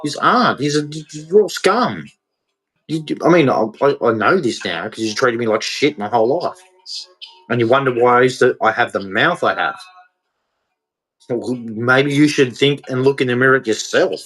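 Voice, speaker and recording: A man's voice: mid-range voice, lively intonation, normal speed, fairly bright tone, husky, rough recording. A man, ranting in an emotional monologue to camera, repeating himself as he goes. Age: 40s. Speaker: vlogger.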